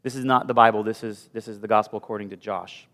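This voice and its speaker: Animated male pastor in an echoing hall. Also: fairly low pitch, quick pace. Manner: animated storytelling, shifts between loud bursts and hushed asides. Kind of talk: sermon. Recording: long hall reverb.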